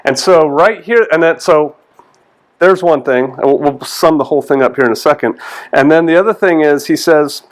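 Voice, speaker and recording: A man's voice: a little high, normal speed. A man, a pastor giving a conversational sermon in a folksy way and acting out the quoted lines in different voices. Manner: folksy, animated, acts out quotes in changing voices.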